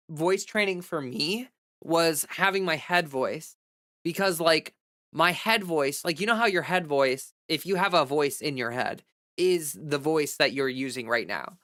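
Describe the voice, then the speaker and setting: A woman's voice: low-pitched, a bit bright, dry recording, studio quality. A woman livestreamer chatting candidly and giving advice in a casual way.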